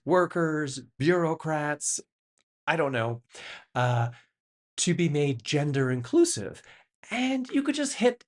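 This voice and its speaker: A middle-aged man giving a reflective, explanatory monologue as host. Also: fairly high pitch. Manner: thoughtful, explanatory, with lively shifts in emphasis.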